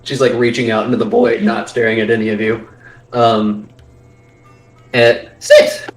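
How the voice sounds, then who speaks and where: Young guy running a tabletop game, lowish voice, chill and rambly, soft music in the back. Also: level tone, brisk, poor audio. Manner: casual, many fillers. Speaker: game master.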